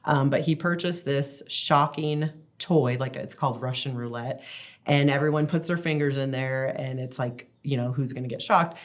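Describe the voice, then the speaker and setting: A woman in her thirties, a guest in a casual interview, telling family stories in a chatty, animated way. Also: rumbling low, normal speed. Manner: chatty, animated storytelling with acted-out quotes. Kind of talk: casual chat.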